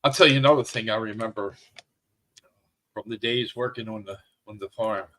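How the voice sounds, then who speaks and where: A man's voice: on the low side, normal speed, pushed and bright, low-quality recording. A man hosting a podcast in casual chat, talking in a rambling way with many fillers. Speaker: podcast host.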